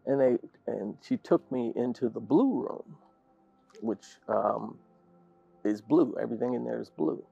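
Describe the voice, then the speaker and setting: An older man, a guest in an interview, telling an animated story and laughing often. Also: mid-range voice, measured pace, gravelly, husky. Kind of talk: storytelling anecdote in conversation. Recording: dull lo-fi sound.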